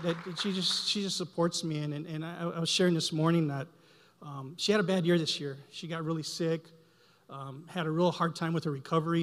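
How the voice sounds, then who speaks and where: A middle-aged man giving a heartfelt, halting church testimony, often repeating words as he speaks. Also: on the high side. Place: church sanctuary. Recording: long hall reverb.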